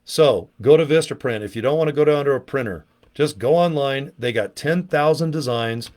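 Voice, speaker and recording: A middle-aged man giving a casual, pushy sales pitch to camera outdoors, talking folksy and checking in with "okay?" and "guys". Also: moderate pace, a little mellow. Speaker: online business vlogger. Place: outdoors, windy.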